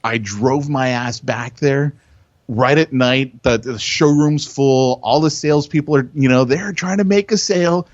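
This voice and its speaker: A man co-hosting a podcast, telling stories in an excitable way, repeating himself and loudly acting out what people said. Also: mid-range voice, measured pace, no room sound, muffled recording. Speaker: podcast co-host. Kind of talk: animated storytelling chat.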